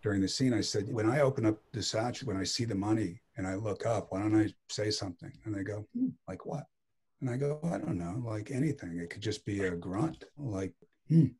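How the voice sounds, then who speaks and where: A man's voice: lowish voice, a little fast, few pauses, slightly rough. A middle-aged man, an actor, telling casual anecdotes in an interview and acting out what others said. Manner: animated anecdotes, quotes others in voices. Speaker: actor guest.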